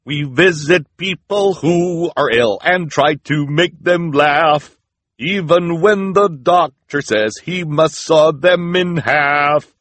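A man's voice: on the high side, no echo, voice pushed up. A man singing as a chirpy volunteer choir. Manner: sing-song, loud and slow. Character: chorus of cheerful hospital volunteers singing.

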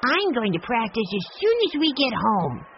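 A narrator doing an excitable young boy, high and shouting. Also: moderate pace, muffled recording, slight background noise. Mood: eager. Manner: shouting, bouncy.

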